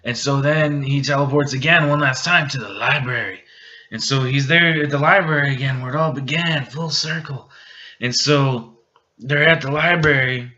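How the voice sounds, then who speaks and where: A man's voice: mid-range voice, sharp tone, muffled recording. Drunk man rambling through a plot. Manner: halting, rambling, many restarts and fillers. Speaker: video host. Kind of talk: rambling movie plot retelling.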